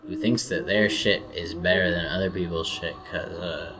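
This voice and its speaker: A young man with a low, deep voice, rambling loosely over gameplay. He swears freely and keeps a sarcastic edge, circling back with lots of fillers. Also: steady tone, moderate pace. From United States. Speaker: gaming commentator.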